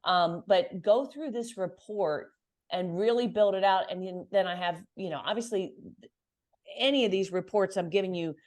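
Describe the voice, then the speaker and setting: A woman coaching business owners on pricing and sales, talking in a brisk, emphatic, confident way. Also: mid-range voice, a little mellow. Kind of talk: coaching call.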